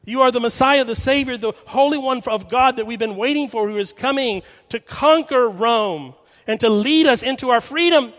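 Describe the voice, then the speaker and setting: A man's voice: high-pitched, normal speed, fairly bright tone. A man voicing an impassioned young male disciple in a sermon, speaking urgently and insistently. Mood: fervent. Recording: long hall reverb.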